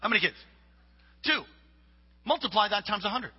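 A man preaching a sermon, reading scripture and building to loud shouted points. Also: sits high, expressive, normal speed, breathy edge. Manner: preaching with rising shouts and acted-out quotes. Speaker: pastor. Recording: echoey hall, dull lo-fi sound.

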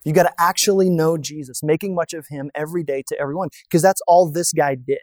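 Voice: medium pitch, moderate pace, long pauses, a little mellow, no echo. A pastor preaching a sermon in a conversational way, often asking the audience rhetorical questions.

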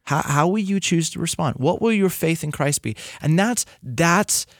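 A man in casual podcast chat about faith and sports fandom, lively and repeating words as he thinks aloud. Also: fairly high pitch, normal speed, no room sound, studio quality.

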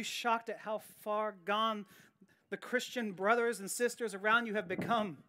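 A woman's voice: medium pitch, fairly even intonation, measured pace, pushed and bright, a little hiss or hum. A woman pastor preaching a sermon in an earnest, emphatic way, often repeating key phrases and restarting her sentences.

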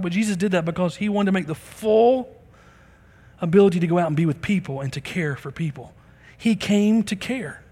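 A man's voice: sits high, a little fast, warm tone, in a large hall. A middle-aged man preaching a sermon as a pastor, earnest and conversational, acting out bits of dialogue.

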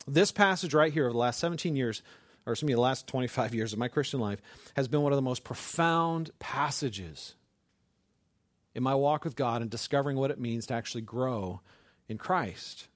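A middle-aged male pastor preaching a sermon with passion, building to near-shouts and often restarting his sentences. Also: medium pitch, moderate pace, no echo.

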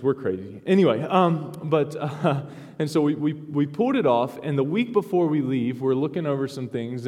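A middle-aged man preaching, spinning a personal story with loose restarts and soft chuckles. His voice is mellow and dark, and it carries a long reverb from a large church sanctuary. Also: mid-range voice. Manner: rambling with many restarts and chuckles. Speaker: pastor. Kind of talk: sermon storytelling.

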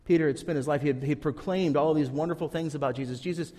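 Racing through his sermon, a pastor tells a Bible story with earnest feeling and performs the characters' words. His voice is a little high and fairly even in intonation, dark in tone, with a long reverb tail.

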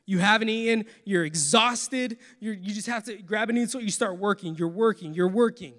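High-voiced pastor preaching in a reverberant hall. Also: male voice, normal speed. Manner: earnest, swings from soft to forceful. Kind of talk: sermon.

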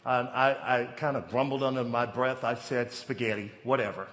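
A man in his forties preaching a sermon, telling stories and rising to loud, emphatic bursts. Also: mid-range voice, flat delivery, moderate pace. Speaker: pastor. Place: church sanctuary. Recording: long hall reverb.

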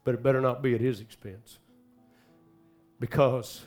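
A man preaching a sermon, swinging dramatically from hushed, slow phrases to loud bursts. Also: mid-range voice, fairly even intonation. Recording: faint music behind.

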